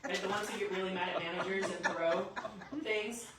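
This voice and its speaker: A woman preaching a sermon in a lively storytelling way, acting out the voices in her stories. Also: medium pitch, a little fast, heavy background noise. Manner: lively storytelling, acts out quotes. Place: church sanctuary. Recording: echoey church hall from a distance.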